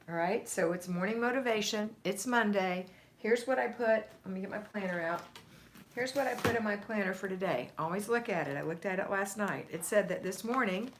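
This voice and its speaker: Casting: American woman, livestream host, chatty and friendly in tone, a bit breathless, average pitch. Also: fairly bright tone. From United States. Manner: chatty, reads viewer comments aloud and greets them by name. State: slightly out of breath. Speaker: home organizing coach hosting a livestream. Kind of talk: casual livestream chat.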